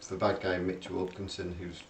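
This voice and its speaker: Deep, gravelly man, rambling. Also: flat delivery, normal speed. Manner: rambling, hesitant, recounting plot with many fillers. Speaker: podcast co-host. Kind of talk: casual film discussion. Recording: roomy, distant mic, faint background noise.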